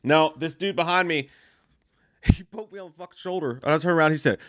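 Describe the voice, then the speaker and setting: A man's voice: a little high, fairly quick, a bit bright. A man co-hosting a podcast, telling a story in casual chat, swearing often and laughing as he goes. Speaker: podcast co-host.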